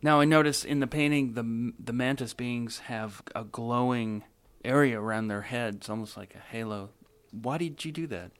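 A man interviewing a guest, asking calm, measured questions. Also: mid-range voice.

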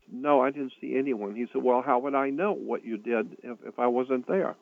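An older man telling a personal story in an interview, speaking earnestly with halting starts and repeated words. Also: mid-range voice, creaky, no room sound. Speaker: guest recounting a personal experience. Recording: tinny phone line, dry.

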